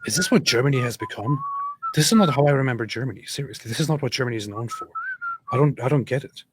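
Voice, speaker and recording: A man's voice: mid-range voice, wildly swooping pitch, quick pace, background noise. A man in his thirties hosting a livestream, commenting casually on viewer chat in an exasperated, sarcastic way. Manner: exasperated, sarcastic, repeats himself. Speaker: livestream host.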